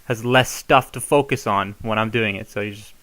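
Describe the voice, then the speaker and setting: A man's voice: on the low side, normal speed, fairly bright tone. Casual young guy walking through a toy fix, talks loosely and wanders off topic a lot. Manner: chatty, rambling asides. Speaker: toy reviewer. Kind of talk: casual hands-on tutorial.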